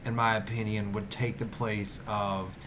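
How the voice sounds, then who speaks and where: A man's voice: on the low side, little pitch movement, a little slow, background noise. Western North Carolina man, rambling and wry. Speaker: podcast co-host. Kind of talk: casual chat.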